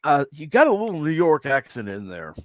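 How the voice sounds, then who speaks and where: A man's voice: a little high, wildly swooping pitch, a little fast, no room sound. A man co-hosting a podcast, teasing and joking in casual chat.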